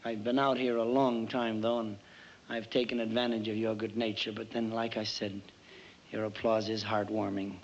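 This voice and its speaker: An actor playing a nightclub entertainer who tells stand-up stories on stage, with brisk delivery and mock-modest asides to the audience. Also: male voice, lowish voice, level tone, slight background noise, natural voice. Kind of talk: stand-up comedy routine on stage. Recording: dull old TV soundtrack with loud music.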